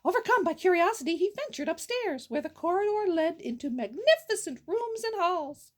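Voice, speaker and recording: A woman storyteller reads a fairy tale aloud playfully at normal speed, her very high voice making big pitch swings. She keeps breaking off for goofy asides and sound effects.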